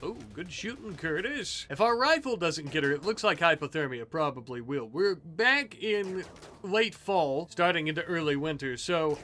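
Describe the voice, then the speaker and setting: A young man casually commenting on his own gameplay, excitable, joking and swearing at the game. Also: on the high side, moderate pace, slight background noise. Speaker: let's play host.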